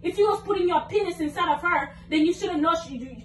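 A young woman vlogger arguing in anger, cursing and repeating herself, at times breaking into shouts. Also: very high-pitched, fast talker. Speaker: vlogger, girlfriend in a prank video. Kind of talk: heated casual argument. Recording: echoey room, mic at a distance, faint noise.

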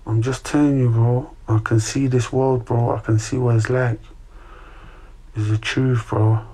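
A man's voice: mid-range voice, flat delivery, measured pace, warm tone, husky. A young man chatting casually to his livestream viewers, giving earnest life advice and ending lines with "bruv" and "innit". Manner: slangy, repeats "bruv" and "innit", gives earnest advice to chat. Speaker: livestream host.

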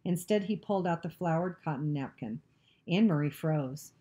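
A woman narrating a novel, reading aloud in a steady, even storytelling manner. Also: sits low, moderate pace.

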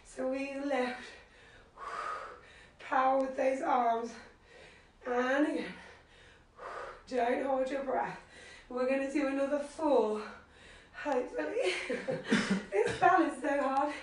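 Woman coaching a workout, out of breath, slow and encouraging, counting reps, super echoey and far off. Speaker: fitness instructor. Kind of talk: live workout class instruction. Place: living room at home. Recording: very echoey room, distant, low-quality web stream.

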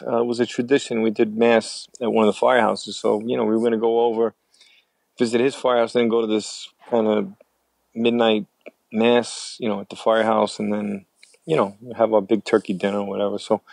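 Gravelly-voiced older man telling stories. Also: medium pitch, darkish tone, dry recording. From New York City. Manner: rambling, halting with many fillers. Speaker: retired firefighter guest. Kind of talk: conversational storytelling.

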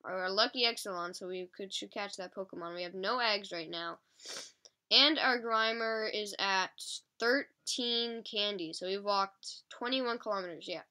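A woman with a stuffy, sniffly nose giving casual, excitable gameplay commentary to her viewers. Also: mid-range voice, normal speed. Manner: chatty, excitable, talking to viewers. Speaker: mobile game channel host.

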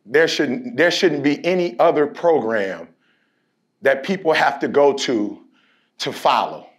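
A motivational speaker giving a fiery talk to a team, telling stories in casual slang and leading call-and-response with shouts and repeated phrases. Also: male voice, mid-range voice, animated, measured pace. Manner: storytelling in casual slang, acts out dialogue.

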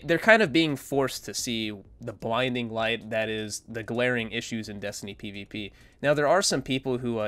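A man's voice: mid-range voice, fairly bright tone, dry recording. A man giving casual, rambling opinion commentary as a gaming content creator, blunt and dismissive.

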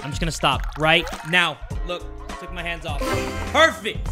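A man doing let's-play commentary, joking and animated, swearing freely as he plays. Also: a little high, moderate pace, over music. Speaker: gaming YouTuber.

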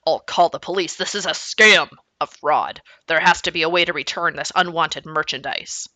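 A woman's voice: low-pitched, normal speed, pushed and bright, no echo. A woman voicing a grumpy, stubborn middle-aged father in a children's book read aloud, speaking stern and clipped.

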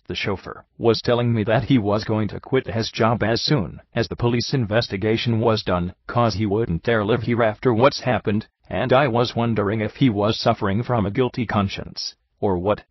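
A man's voice: on the low side, slightly rough, dry recording. A man voicing a young, anxious patrolman who reports earnestly and plainly, on a dull, dry recording.

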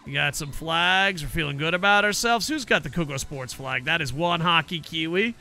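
A man streaming a video game, chatting to viewers in excitable, profane, jokey banter. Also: a little high, moderate pace, gravelly, soft background music. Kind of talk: casual game streaming commentary.

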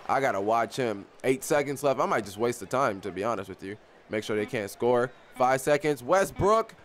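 A young man giving casual live commentary on his own basketball video game, excitable and often repeating himself as he talks to the players on screen. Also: medium pitch, slight background noise. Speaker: gaming YouTuber.

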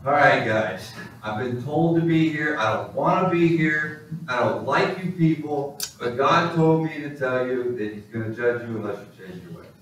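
A man's voice: mid-range voice, normal speed, a little hiss or hum, natural voice. A man playing a bored, grudging prophet. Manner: flat, reluctant, offhand. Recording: echoey hall, distant mic.

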